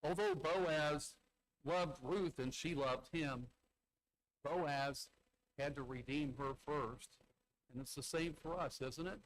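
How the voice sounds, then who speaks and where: Conversational preacher man, slightly high voice. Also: slow pace, poor audio. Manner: conversational, asks listeners rhetorical tag questions; acts out the characters' quoted lines in Bible stories. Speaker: church elder preaching. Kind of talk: sermon.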